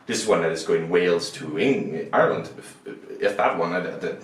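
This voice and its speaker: A deep-voiced man from Denmark, native in Danish, talks at normal speed while casually reviewing a board game at an indoor table. He rambles over the rules and his opinions, frequently restarts sentences, and makes self-deprecating asides. The self-recorded camera-mic audio has roomy echo and faint background noise.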